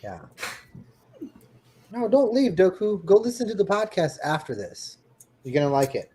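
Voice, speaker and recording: A man's voice: sits high, sing-song, normal speed, dark tone, slightly rough. A man hosting a stream, chatting casually and joking with his co-hosts. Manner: joking, laughing, trailing off. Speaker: stream host. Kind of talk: casual chat.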